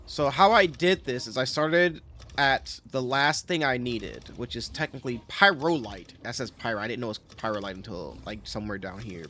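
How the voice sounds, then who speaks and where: This game streamer's medium-pitched voice sounds pushed and bright, with slight background noise behind it. He offers casual, meandering commentary on his factory-building game, chatting away and frequently correcting himself.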